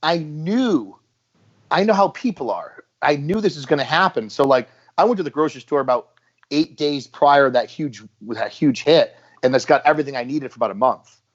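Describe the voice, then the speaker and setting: A man telling stories in a casual podcast chat, animated and acting out what people said. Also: fairly high pitch, moderate pace. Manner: storytelling, animated, acts out quotes. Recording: dull lo-fi podcast audio.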